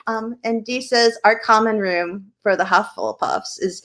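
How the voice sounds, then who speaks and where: A woman's voice: fairly high pitch, unhurried, a bit bright. A woman co-hosting a live podcast in casual chat, giggly and chatty, drifting off topic. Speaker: podcast co-host.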